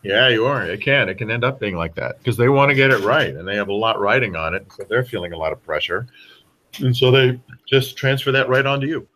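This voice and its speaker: A middle-aged man, a voice actor guest on a podcast, telling animated stories with a lot of halting restarts. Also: mid-range voice. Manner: animated storyteller with many restarts. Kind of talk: casual podcast interview.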